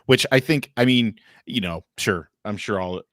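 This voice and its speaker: Man, podcast co-host, casual chat, wry and skeptical, low voice, dry recording. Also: moderate pace, a bit bright, no echo.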